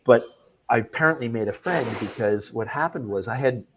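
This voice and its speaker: At a moderate pace and medium pitch, a film director shares lively anecdotes during an interview, with background noise audible. He keeps breaking off to restart sentences and acts out the people he quotes.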